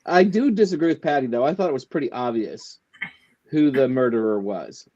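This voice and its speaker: Man, podcast co-host, casual, joking, rambling, mid pitch, dull lo-fi sound. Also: lively intonation, brisk, dark tone. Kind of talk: casual chat.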